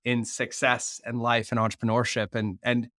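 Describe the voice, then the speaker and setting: A man in his thirties with a mid-pitched voice hosts a podcast and speaks earnestly and reflectively. The sound is dry and close. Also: level tone, moderate pace, bright, forceful tone, no room sound. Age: 30s. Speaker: podcast host. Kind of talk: conversational podcast interview.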